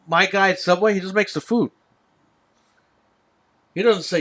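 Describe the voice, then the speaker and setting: A man's voice: high-pitched, normal speed, long pauses, sharp tone. Tense, profane ranting man. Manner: profane, exasperated storytelling. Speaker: podcast host. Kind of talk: casual ranting chat.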